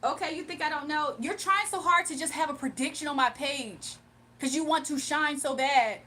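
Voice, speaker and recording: A woman's voice: high-pitched, normal speed, bright, forceful tone. A woman hosting a casual livestream, sassy and exasperated as she answers chat comments. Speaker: livestream host reading chat.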